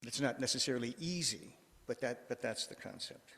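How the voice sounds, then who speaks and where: A man's voice: medium pitch, animated, brisk, vocal fry, sharp tone. A man giving a sermon in a church, telling a story in a casual, conversational way with frequent restarts. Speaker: preacher. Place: church sanctuary. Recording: long echo of a church hall.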